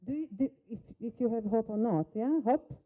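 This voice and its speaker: A woman's voice: on the high side, a little fast, narrow, tinny audio. Woman facilitator coaching in thin audio. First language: Hebrew. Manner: coaching, short instructions and questions to a volunteer. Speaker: workshop facilitator. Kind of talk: live workshop demonstration. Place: conference hall.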